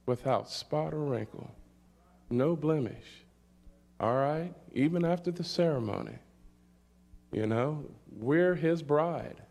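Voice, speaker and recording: Slow-preaching middle-aged Midwestern pastor. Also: male voice, on the high side, a little mellow. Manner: slow, emphatic preaching with frequent "all right?" checks. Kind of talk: sermon.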